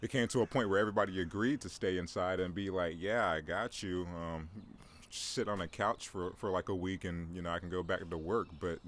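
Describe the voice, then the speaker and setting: A man's voice: low-pitched, fairly quick, a little hiss or hum. A young man in his twenties rambling through a solo podcast at home, joking at his own expense and stumbling through restarts. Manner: rambling, self-deprecating, joking, many restarts and "bro". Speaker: podcast host. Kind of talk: solo morning podcast monologue. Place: at home, in view of his backyard.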